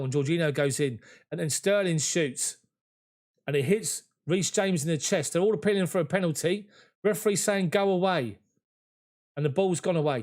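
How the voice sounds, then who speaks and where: A man's voice: fairly high pitch, a little mellow. A man giving live, emotional, conversational play-by-play of a football match from a fan's point of view, at home. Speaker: fan commentator.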